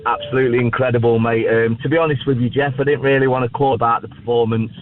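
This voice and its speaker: A man's voice: mid-range voice, steady tone, fast. A man phoning in to a radio show, emotional and heartfelt, saying "mate" constantly. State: emotional, close to upset. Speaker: caller. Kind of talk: phone-in call. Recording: tinny phone line with faint noise.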